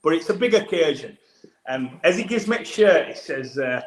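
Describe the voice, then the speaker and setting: A man's voice: high voice, sing-song, normal speed, sharp tone. A man, a rugby player guest, telling a story in casual podcast chat with lots of restarts. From England. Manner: rambling anecdotal storytelling with restarts. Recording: echoey room.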